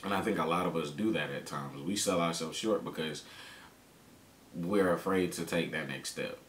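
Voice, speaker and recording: A man candidly telling his own story in a blunt, slangy, emphatic way, swearing freely and sometimes turning preachy. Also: moderate pace. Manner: turns motivational and preachy. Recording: roomy, distant mic, faint rumble.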